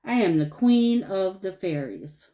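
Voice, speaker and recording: An eager, insistent little girl from a children's storybook, voiced by a woman reading aloud. She pushes her point with bright enthusiasm. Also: mid-range voice, lively intonation, unhurried, dull audio. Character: spirited little girl playing a cow.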